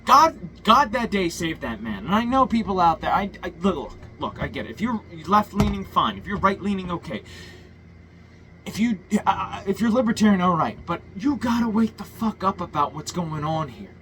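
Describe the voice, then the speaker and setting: A man's voice: sits high, big pitch swings, normal speed, bright, forceful tone, a little hiss or hum, low-quality recording. A man ranting a political monologue, profane and heated, full of stumbles and restarts. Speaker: political commentator.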